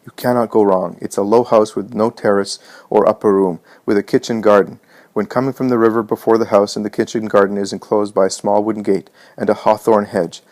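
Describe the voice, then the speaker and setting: A man reading the part of an anxious, determined mistress giving hushed, urgent instructions to a servant, in a low voice. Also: flat delivery, a little fast, natural voice.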